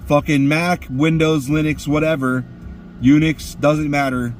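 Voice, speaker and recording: A man's voice: on the high side, fairly even intonation, a little slow, a little hiss or hum. A man ranting crudely and profanely while sitting in his car. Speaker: vlogger.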